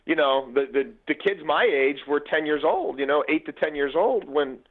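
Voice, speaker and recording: A man's voice: fairly high pitch, moderate pace. Talkative man on a tinny phone line. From Baltimore area, USA. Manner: animated storyteller, frequent fillers and restarts. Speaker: podcast guest. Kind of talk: casual conversation.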